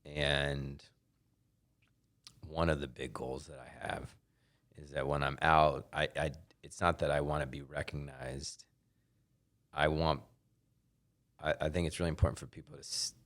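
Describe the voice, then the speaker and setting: A man's voice: extremely low pitch, unhurried, pauses often. A man, a politician from Ohio, telling stories in a casual chat as a podcast guest. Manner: animated anecdote teller, laughs often. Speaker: congressman and guest.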